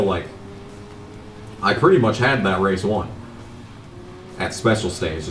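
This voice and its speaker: A young man with a fairly low voice grumbles and swears his way through casual gameplay commentary. He sits a bit back from the mic in an echoey room, with faint noise underneath. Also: recorded from a distance. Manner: grumbling, profane, laid-back rambling.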